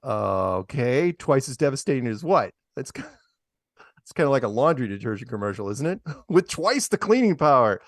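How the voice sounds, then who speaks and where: With a creaky, mid-range voice and a sing-song lilt at a moderate pace, this podcast host reads out news and sarcastically mocks it, laughing at his own jokes. The recording is dry and of studio quality, in a casual chat-show style.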